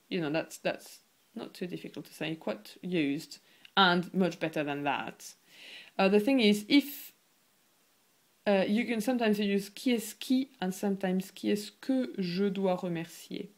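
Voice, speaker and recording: A woman with a mother tongue gives a language lesson in English at a middle pitch. She explains at an easy pace and often pauses on "um" or starts a phrase over. Her tone stays conversational and instructive. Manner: relaxed, explanatory, with frequent ums and restarts. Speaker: French teacher.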